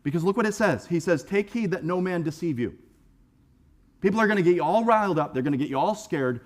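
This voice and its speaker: A man preaching a sermon in a conversational, animated way, acting out voices and often repeating words as he starts a phrase. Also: sits high, fast talker. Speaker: pastor. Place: church sanctuary.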